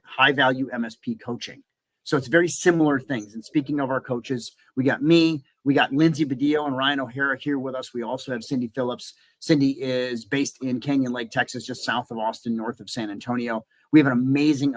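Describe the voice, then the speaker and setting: In a dry recording, a mid-range male voice hosts a live business webinar. The speaker, a business coach from southeastern Wisconsin, USA, keeps things casual and upbeat, with many "uh" fillers and restarts.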